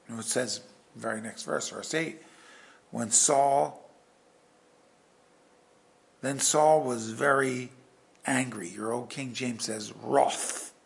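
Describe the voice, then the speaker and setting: A man preaching a verse-by-verse sermon with an animated delivery that swings from loud emphasis to hushed asides. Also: mid-range voice, vocal fry. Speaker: pastor.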